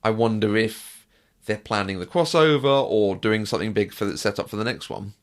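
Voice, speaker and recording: A man's voice: fairly low pitch, fairly quick. A man co-hosting a podcast, explaining plot points of a TV show in a casual, dry way. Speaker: podcast co-host. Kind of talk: casual TV review chat.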